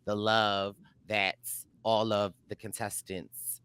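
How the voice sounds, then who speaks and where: A young man co-hosting a podcast, telling animated stories with lots of fillers and acted-out quotes. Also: on the low side, takes it slowly. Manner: animated storyteller, acts out quotes, many fillers. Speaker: podcast co-host. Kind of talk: casual chat.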